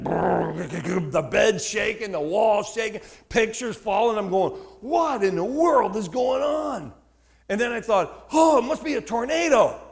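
A middle-aged male pastor telling a story in a sermon, asking the congregation questions and shouting for emphasis. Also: a little high, gravelly. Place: church before a congregation.

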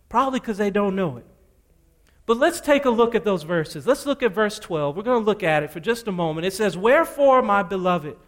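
A high-pitched man delivers a sermon from a church pulpit. He repeats his scripture references with emphasis and drops playful asides to the congregation. His voice rises into animated, urgent stretches as he presses his points. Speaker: preacher. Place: church sanctuary.

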